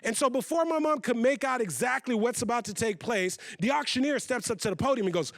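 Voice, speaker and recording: High-voiced man telling a dramatic story. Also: brisk, hardly any pauses, dry recording. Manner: dramatic, builds to loud emphasis. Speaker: motivational speaker. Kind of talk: storytelling keynote talk. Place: conference hall with live audience.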